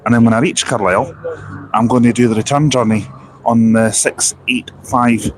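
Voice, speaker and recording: A man's voice: mid-range voice, steady tone, moderate pace. Guy rambling on a phone stream outside, bit of a sore throat, faint traffic behind. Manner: chatty, rambling, reads out viewer comments. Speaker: live streamer. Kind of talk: casual live-stream chat. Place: outdoors overlooking a bus station.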